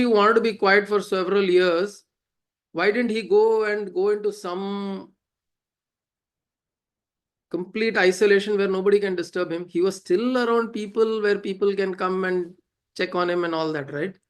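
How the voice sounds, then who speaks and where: A man giving a spiritual discourse, animated and laughing often as he acts out quoted voices. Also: sits high, moderate pace. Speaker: spiritual teacher.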